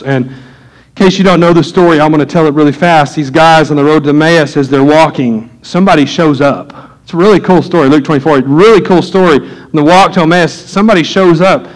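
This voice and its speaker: A man's voice: a little high, poor audio. A man, a pastor, preaching a conversational sermon, acting out little voices and asides.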